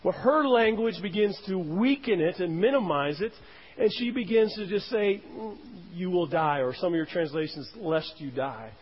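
A man's voice: high voice, lively intonation, moderate pace. A man preaching a sermon as a pastor, emphatic, rising and dropping his voice to stress points. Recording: dull, roomy hall sound.

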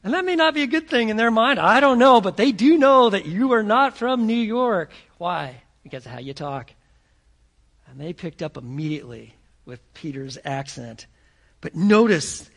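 A pastor delivers a sermon in a high, gravelly, slightly bright voice. His talk is conversational and animated, and he slips into different voices to act out scenes.

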